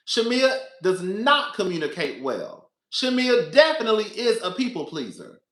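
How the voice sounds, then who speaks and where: A man with a high, bright voice gives casual commentary on a reality show. His talk is animated and chatty, and he keeps calling his viewers girl and baby. The sound is echoey, as if from a bare room.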